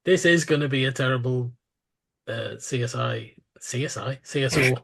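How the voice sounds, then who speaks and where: A man on a podcast, chiming in with quick agreements and short remarks. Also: mid-range voice, creaky, fairly bright tone, breathy edge. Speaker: podcast co-host. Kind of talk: casual chat.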